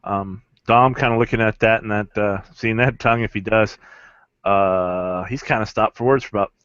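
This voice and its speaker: A man playing a tabletop game, haltingly describing what his character does. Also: fairly low pitch, steady tone, a bit bright, clear, resonant tone, no echo. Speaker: player. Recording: dry, dull lo-fi recording.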